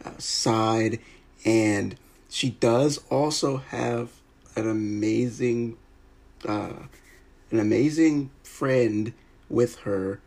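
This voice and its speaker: Very deep, gravelly-voiced woman host. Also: a little mellow. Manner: playful, eager, many fillers. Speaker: podcast host. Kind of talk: casual chat.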